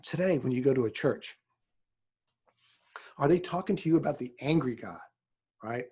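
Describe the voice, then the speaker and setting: Husky-voiced man teaching history. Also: mid-range voice, animated, moderate pace, dark tone. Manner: conversational, frequent fillers and restarts, teasing asides to students. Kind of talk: classroom lecture.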